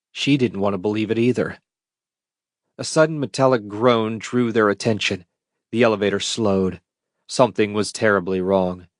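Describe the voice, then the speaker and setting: A male audiobook narrator with a low voice reads scripted narration. The recording is dry and of studio quality.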